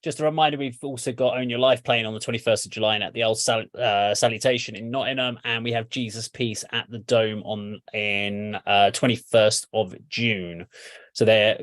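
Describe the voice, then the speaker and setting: A British man hosting a casual rock and metal chat show, talking in a relaxed, stumbling, jokey way. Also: on the low side, normal speed, no echo, clean studio sound. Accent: British English. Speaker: show host.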